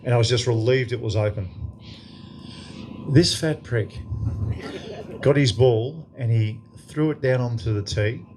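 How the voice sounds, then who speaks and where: A man's voice: medium pitch, measured pace, long pauses, a little hiss or hum. An Australian man in his fifties telling a profane story as an after-dinner guest speaker in a club function room. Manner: profane, lively anecdote telling to a crowd.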